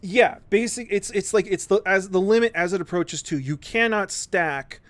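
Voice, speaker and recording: A man's voice: high-pitched, normal speed, no room sound. Chatty streamer man explaining music theory. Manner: rambling, repeats words, says "right?" often. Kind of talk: casual explaining while gaming.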